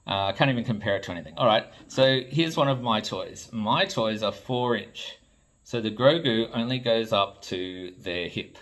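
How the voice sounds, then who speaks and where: A man's voice: lowish voice, moderate pace, fairly bright tone. An Australian man, a toy designer, ranting to camera in an exasperated, blunt way and swearing freely. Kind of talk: ranting vlog commentary.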